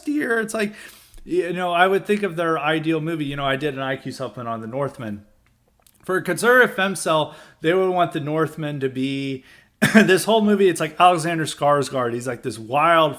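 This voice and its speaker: A young man holds forth on his podcast in a loose, rambling monologue, voice sitting a bit higher than most men's. He keeps circling back with "like" and "you know", and his tone turns sardonic and mocking as he makes his case. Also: fairly bright tone. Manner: sardonic, mocking mimicry of others. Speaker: podcast host. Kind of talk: casual political commentary monologue.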